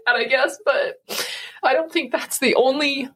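A woman's voice: high-pitched, unhurried, a bit bright. A young woman co-hosting a casual faith podcast, rambling with many fillers and frequent laughs. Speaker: podcast co-host.

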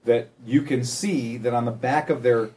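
A man in casual chat, explaining things in an animated, chatty way. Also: mid-range voice, moderate pace, a loud crowd. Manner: animated, chatty explainer who laughs at his own jokes.

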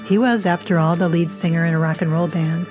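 A woman's voice: fairly low pitch, fairly even intonation, fairly quick, music in the background. A woman from the United States hosting a podcast, telling a scripted humorous story in a wry, self-mocking way. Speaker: podcast host.

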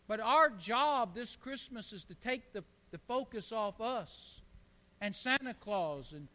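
A man's voice: high-pitched, animated, takes it slowly, sharp tone, in a large hall. A man preaching a fervent sermon in church, calling on the congregation to answer back. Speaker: pastor.

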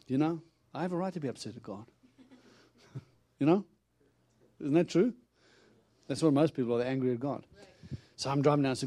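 Itinerant preacher, male, mellow tone, animated storyteller voicing his own quotes. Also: medium pitch, moderate pace, pauses often. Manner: animated storyteller, acts out quotes, laughs often. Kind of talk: storytelling sermon.

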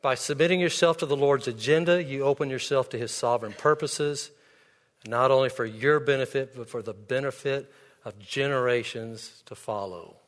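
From the pulpit, a pastor preaches at normal speed in an ordinary middle pitch, earnest as he tells stories with quoted dialogue. His voice rings out with a long reverb across the church sanctuary.

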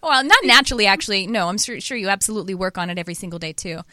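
Woman, interview host, animated rambling talker, dry close recording. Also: medium pitch, rapid-fire, no echo. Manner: rambling, animated storytelling with frequent restarts. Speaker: podcast host. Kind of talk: casual interview chat.

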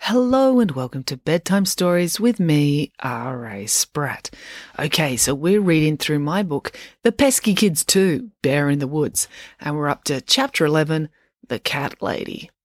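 Woman, children's author, bedtime story reading, calm, measured, lowish voice, dry close sound. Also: no echo.

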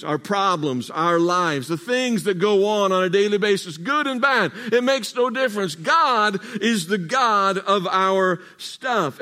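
A high-pitched man preaching in a church sanctuary. He leads his congregation in call-and-response, slowing down and stretching out the words he wants to land. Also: fairly bright tone. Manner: call-and-response preaching, drawn-out emphatic phrases. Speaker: pastor. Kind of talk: sermon.

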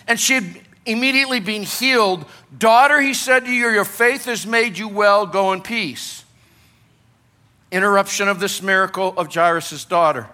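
A male pastor delivers an energetic sermon in a very high voice for a man. His tone is bright and forceful, and he keeps drawing the congregation in with rhetorical questions.

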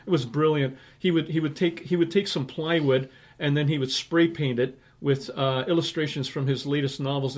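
Older canadian guy rambling through stories, lots of ums and laughs, kinda high voice. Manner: rambling, many fillers, laughs at his own stories. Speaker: interview guest, writer and publisher. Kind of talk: casual anecdotal storytelling.

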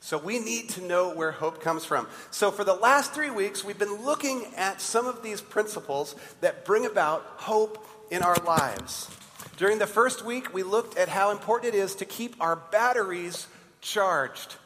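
Brief male pastor, high voice, chatty sermon, reverberant church hall. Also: animated, a little slow, bright, forceful tone. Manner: conversational, asks the congregation questions.

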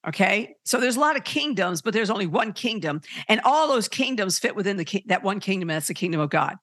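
A podcast host preaching informally and earnestly, with lots of fillers, restarts and animated emphasis. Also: mid-range voice, fast talker, no echo, clean studio sound.

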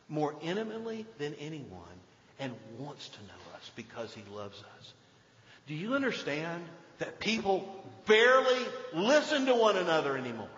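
An older man preaching a sermon, swinging between emphatic lines and hushed ones. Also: fairly high pitch. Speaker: pastor. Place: church sanctuary. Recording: dull echoey church hall recording.

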